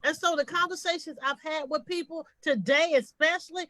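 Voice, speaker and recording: Emphatic high-voiced woman activist. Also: brisk, hardly any pauses, sharp tone, no room sound. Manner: emphatic, passionate, repeating for emphasis. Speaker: activist panelist. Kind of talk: panel discussion on a podcast.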